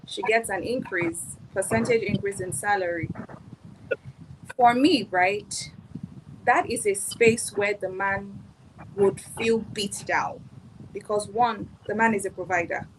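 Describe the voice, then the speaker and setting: A woman's voice: mid-range voice, slight background noise, low-quality recording. Earnest woman guest on a panel. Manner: earnest, emphatic, brings in faith. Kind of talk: casual panel chat.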